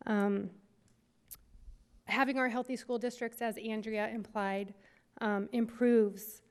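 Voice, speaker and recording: A woman giving earnest, community-minded remarks at a council meeting, with many "um" pauses. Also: fairly high pitch, steady tone, smooth. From United States.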